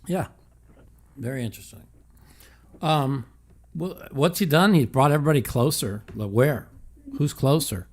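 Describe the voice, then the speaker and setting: A man's voice: mid-range voice, moderate pace, long pauses. Blunt, profane male call-in host. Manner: blunt, profane, laughs often. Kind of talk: casual call-in talk.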